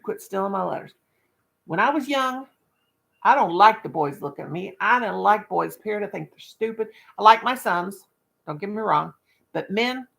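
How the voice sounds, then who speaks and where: A woman's voice: medium pitch, creaky, a bit bright. An older woman, chatting bluntly and rambling in folksy talk while crocheting on a livestream. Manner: blunt, rambling, folksy, talks to chat and her birds. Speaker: livestream vlogger. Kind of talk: casual chat while crocheting.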